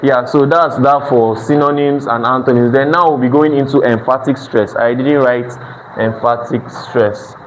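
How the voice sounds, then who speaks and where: A Nigerian-accented man teaches a night class, stopping often to ask the students if they follow and correcting himself mid-phrase. His voice sits at a middle pitch, and a faint hiss runs under the recording. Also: steady tone, normal speed, rough recording. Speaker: exam prep tutor. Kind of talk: classroom lecture. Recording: faint background noise.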